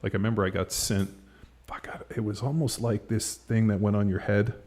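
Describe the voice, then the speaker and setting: A man's voice: fairly low pitch, level tone, brisk, darkish tone. A middle-aged man hosting a podcast in casual chat, rambling with lots of "like" and the odd swear word. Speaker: podcast host.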